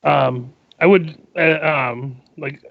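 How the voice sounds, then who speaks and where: A man's voice: a little high, takes it slowly, vocal fry, dull audio. A man playing a tabletop game casually, rambling with lots of filler words. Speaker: player.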